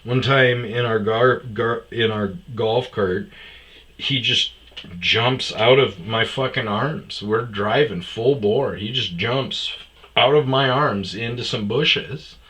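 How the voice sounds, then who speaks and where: A man's voice: medium pitch, takes it slowly, pushed and bright. A man hosting his own podcast, telling comic stories in a casual, profane way and acting out the back-and-forth of what people said. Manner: profane, swears constantly; acts out quoted exchanges in raised voice. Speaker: podcast host. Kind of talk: casual comedic storytelling.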